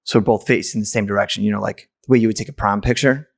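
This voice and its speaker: Man, podcast host, candid storyteller, blunt with casual swearing, gravelly, flat delivery. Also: lowish voice, quick pace, no room sound, studio quality. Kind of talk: personal storytelling monologue.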